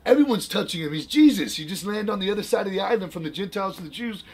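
A man in casual chat retelling a story in an animated, slangy way with lots of fillers. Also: sits high, racing, husky, rough recording.

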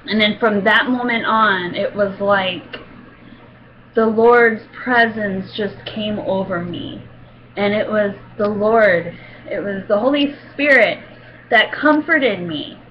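A woman sharing a Christian testimony in a casual, rambling way, with many fillers and soft laughs. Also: medium pitch, slow, muffled recording, a little hiss or hum.

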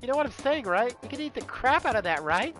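A man's voice: very high-pitched, fast, voice pushed up. A man doing a bubbly sporty teen girl. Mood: gushing. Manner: gushing, excitable. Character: bubbly sporty teenage girl, donut-obsessed. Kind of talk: voicing game dialogue on a let's play. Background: game music.

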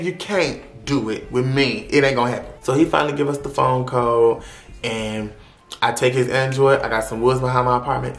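A young man telling a dramatic storytime vlog in a profane, animated way. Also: medium pitch, gravelly. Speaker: vlogger. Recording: roomy echo.

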